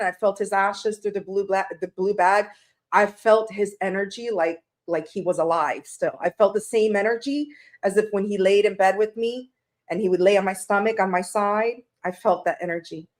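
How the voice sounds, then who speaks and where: A woman hosting a tarot livestream from her room at home, tearful and emotional as she chats casually and greets viewers by name. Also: medium pitch.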